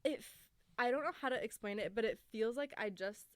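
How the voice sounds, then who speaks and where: A woman's voice: a little high, fairly quick, dry recording. A young adult woman co-hosting a podcast in casual chat, talkative and laughing often. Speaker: podcast co-host.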